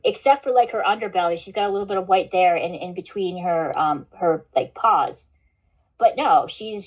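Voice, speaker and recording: A woman hosting a casual livestream, rambling and swearing, with "like" and "dude" in most sentences. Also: mid-range voice. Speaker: livestream host. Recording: dull lo-fi stream audio.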